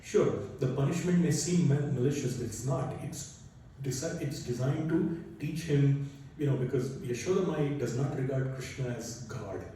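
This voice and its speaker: A man's voice: medium pitch, moderate pace, mellow, a little hiss or hum. A man giving a storytelling sermon in a conversational way, often checking in with "right?" and "you know". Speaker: speaker at a temple gathering. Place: large temple hall. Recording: echoey hall from far off.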